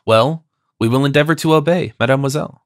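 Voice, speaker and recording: A man's voice: mid-range voice, fast, dry recording, natural voice. Guy reading as a slick polite young gent, dry close sound.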